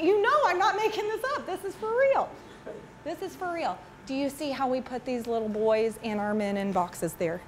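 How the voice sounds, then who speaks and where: A woman's voice: on the high side, a little hiss or hum. Chatty woman presenting to parents. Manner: chatty, animated, asks the audience questions. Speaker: school parent education presenter. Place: meeting room with an audience.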